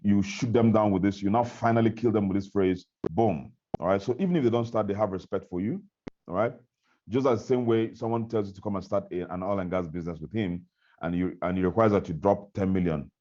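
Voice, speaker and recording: A man's voice: lowish voice, a little fast, dark tone, dull audio. A man on a video call, giving a fiery, repetitive motivational talk to his team about his business. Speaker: network marketing trainer.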